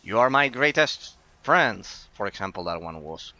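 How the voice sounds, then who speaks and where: Guy streaming, bright forceful voice, keeps repeating himself and tripping over words. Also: medium pitch, big pitch swings, unhurried, soft background music. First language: Spanish. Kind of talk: casual stream chat with viewers.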